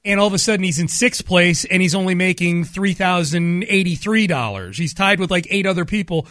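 A man hosting a sports radio show, upbeat and storytelling, slowing down on key words. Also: sits high, fairly bright tone, no echo. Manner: upbeat, storytelling, slows for emphasis. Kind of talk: casual sports radio talk. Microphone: studio microphone.

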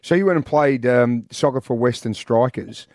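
A man's voice: mid-range voice, normal speed, a little mellow, no room sound, clean studio sound. A man hosting a radio interview, calling his guest "mate". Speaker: radio host.

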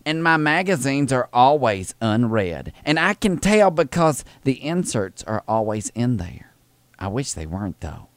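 A man's voice: medium pitch, very animated, a little slow, no echo. A man voicing a chatty older southern woman making a prank phone call, with a folksy Southern drawl. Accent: American Southern.

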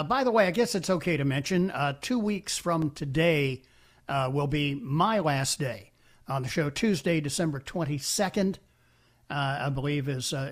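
An older man hosting a talk radio call-in show in a folksy, halting manner, full of fillers and restarts. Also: fairly high pitch, a bit bright. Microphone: studio microphone.

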